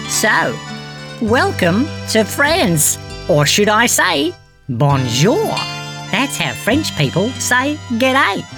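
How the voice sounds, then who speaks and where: A woman performs a full character voice, pitched a little high, as a cheerful male green tree frog who loves facts and silly jokes. He gently guides listeners through a children's storybook adventure.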